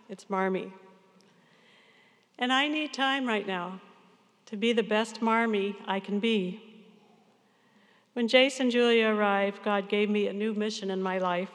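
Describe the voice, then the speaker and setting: Older lady pastor giving a sermon, earnest and measured, church hall reverb. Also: medium pitch. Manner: earnest, measured farewell address.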